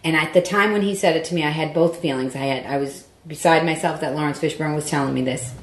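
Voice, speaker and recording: A woman comedian telling a story in casual podcast chat, animated and profane, acting out the voices she quotes. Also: sits low, fast, echoey room.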